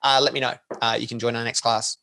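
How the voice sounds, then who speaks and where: A man's voice: medium pitch, level tone, fast, vocal fry, bright, forceful tone. Australian male guest, casual chat, enthusiastic, repeats words as he starts. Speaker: podcast guest.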